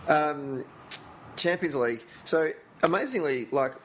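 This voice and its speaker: A man's voice: fairly high pitch, expressive, a little slow, a bit bright, a little hiss or hum. Laughing man hosting banter. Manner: loose, laughing, swearing banter, asks the questions. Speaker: podcast co-host. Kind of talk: casual chat.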